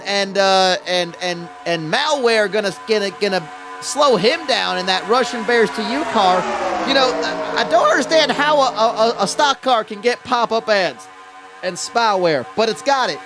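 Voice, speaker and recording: A man's voice: high-pitched, animated, moderate pace, music in the background. A man calling a race as play-by-play commentator in a rambling, folksy way, often stumbling over his words.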